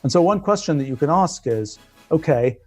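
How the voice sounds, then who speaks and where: A man's voice: fairly high pitch, animated, moderate pace, a little mellow, faint music behind. A man with a British accent giving a technical physics lecture, thinking aloud with frequent restarts as he explains.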